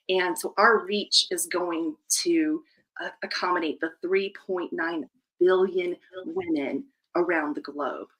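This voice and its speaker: A woman life coach speaking as a podcast guest, delivering an energetic, emphatic motivational pitch. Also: low-quality recording. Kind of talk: live podcast interview.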